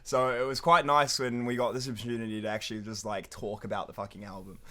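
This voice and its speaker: A man's voice: lowish voice, little pitch movement, quick pace, a crowd in the background. A man from New Zealand, a band member guest on a podcast, talking enthusiastically and swearing freely. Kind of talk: casual chat.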